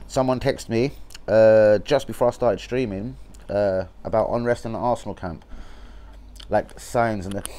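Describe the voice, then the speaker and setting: A man's voice: mid-range voice, darkish tone, slight background noise. A young man with a London accent, hosting a fan channel livestream as a blunt, sweary rant full of slang. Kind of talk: casual football rant livestream.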